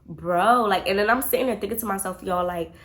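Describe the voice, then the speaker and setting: A young woman vlogger telling a dating story in casual chat, animated and profane, talking to her viewers as y'all. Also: medium pitch, a little fast.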